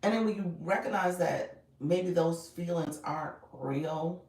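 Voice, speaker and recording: Chatty low-voiced coach, roomy distant sound. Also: female voice, a little slow, darkish tone. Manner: chatty, greets viewers by name, laughs often. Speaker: live coach. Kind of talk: casual livestream chat.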